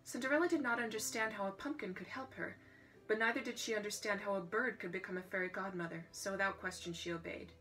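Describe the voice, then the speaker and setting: A woman's voice: medium pitch, quick pace, pushed and bright, faint music behind, low-quality recording. Woman reading a storybook with joking asides. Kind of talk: casual storybook read-aloud.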